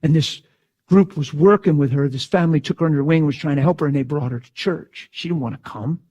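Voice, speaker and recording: A middle-aged man preaching a sermon, telling a story with dramatic swings from hushed tones to loud outbursts. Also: on the high side, quick pace, breathy edge, muffled recording.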